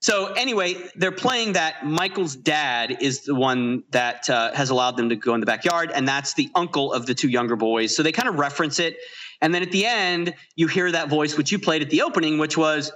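A man co-hosting a casual film podcast, walking through a movie scene by scene with plenty of laughter. His voice is bright and forward and sits a touch high. He tells the story animatedly. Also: brisk. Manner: animated retelling with frequent laughs. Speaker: podcast co-host. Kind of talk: casual movie-review chat.

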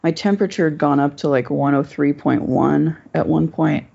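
A woman's voice: low-pitched, normal speed, gravelly, mellow, husky. A woman telling a personal story in casual chat, rambling and swearing, with many fillers. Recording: dull lo-fi recording.

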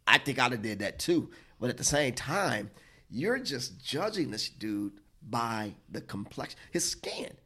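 An animated man spins a story in a casual group talk. His pitch swings widely, and he acts out the lines of the people in it. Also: unhurried, slightly rough.

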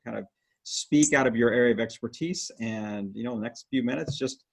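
American guy hosting a chat, gravelly and kinda raspy. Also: mid-range voice, fairly quick, low-quality recording. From United States. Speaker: interview host. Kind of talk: conversational interview.

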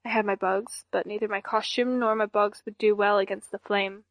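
A woman reading a first-person audiobook in a steady, even storytelling manner. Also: medium pitch, normal speed, hardly any pauses, no room sound. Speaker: audiobook narrator.

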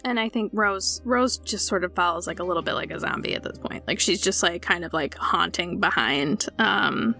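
A woman's voice: lowish voice, moderate pace, creaky, few pauses, bright, forceful tone, soft background music. A woman playing a tabletop game, describing her character in a playful way. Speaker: player.

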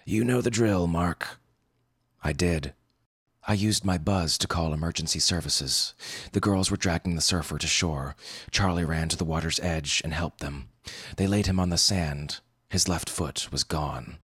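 A man calmly narrating a first-person story. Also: rumbling low, normal speed, slightly rough.

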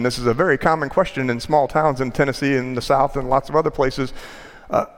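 A male pastor delivering a sermon, telling a story with measured pauses and a storyteller's rhythm. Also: mid-range voice, fairly even intonation. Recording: long hall reverb.

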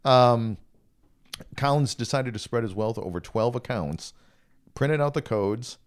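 A man's voice: medium pitch, a little slow, clean tone. A man hosting a radio show, chatting casually, telling stories and laughing often. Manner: laughs often, animated storytelling. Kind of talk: casual morning-show banter.

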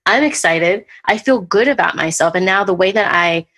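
Animated storytelling woman podcast host. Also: mid-range voice, moderate pace. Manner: animated storyteller, acts out what people said. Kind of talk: casual chat, telling a personal story.

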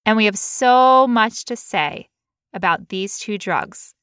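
Woman podcast co-host, chatty explainer, easy laughs, dry close mic, even middle pitch. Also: slow pace, clear, resonant tone, no room sound. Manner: playful, laughs often, explains at length. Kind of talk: casual podcast chat.

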